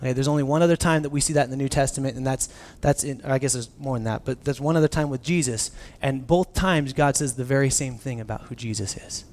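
A man in his thirties preaching a sermon, telling stories with lively restarts. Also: medium pitch, fast talker, few pauses. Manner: animated storytelling with many restarts. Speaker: pastor.

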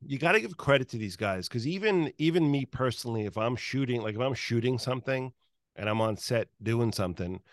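A man hosting an interview who speaks haltingly, with many fillers and repeated words. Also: mid-range voice, expressive, no echo, clean studio sound. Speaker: interview host. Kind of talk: casual interview chat.

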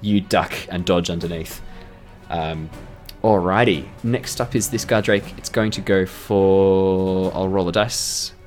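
Dungeon master, male, lowish pitch, easygoing narrator over quiet music. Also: fairly even intonation, a little slow. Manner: chatty, laughs often, sort-of hedging. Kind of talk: narrating a tabletop game.

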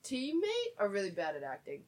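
Lively-voiced woman making casual remarks. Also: medium pitch, a little fast, crowd noise. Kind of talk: casual chat.

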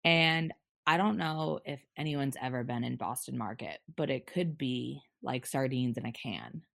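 Young woman guest, super low gravelly voice, candid and halting, lots of restarts. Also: fairly bright tone, no room sound, studio quality. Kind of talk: personal storytelling in a podcast interview.

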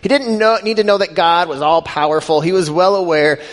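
A man's voice: sits high, brisk. A male pastor giving a conversational sermon, building emphasis and acting out scripture quotes. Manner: conversational preaching, rising emphasis, quoting scripture in voices. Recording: long hall reverb.

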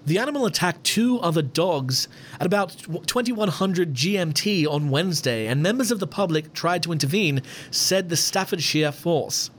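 A man imitating a British newsreader, formal, measured, slightly high voice. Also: lively intonation. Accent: British, put on.

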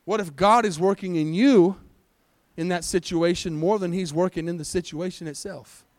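A man delivers a sermon in a church, his voice sitting high for a man. He presses his congregation with questions and calls for an answering amen. The sound is dry and close, with little room around it. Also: moderate pace, darkish tone, no room sound. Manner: preaching with rhetorical questions and call-and-response. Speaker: pastor. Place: church sanctuary.

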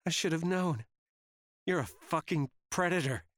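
A man's voice: a little high, lively intonation, a little slow, fairly bright tone, no room sound, studio quality, pitched above the performer's own voice. A man voicing a furious, heartbroken young woman who speaks in a raw, accusing way.

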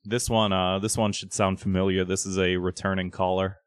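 A man co-hosts a podcast, rambling and stopping to search for words. His voice is fairly low and dry, recorded close with no room sound. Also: little pitch movement, fairly quick, clear, resonant tone, dry recording. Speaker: podcast co-host. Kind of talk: casual chat.

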